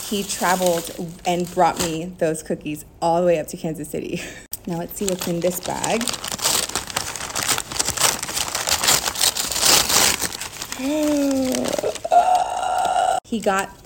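A woman's voice: fairly low pitch, very noisy. A young woman teacher chatting casually to her phone camera, bubbly and giggly. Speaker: teacher and vlogger.

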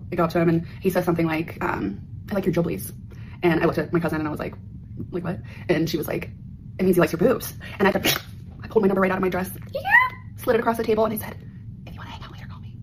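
Fast-talking woman telling a story. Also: on the low side, slight background noise, rough recording. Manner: animated, acting out quotes in changed voices. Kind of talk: casual storytime chat.

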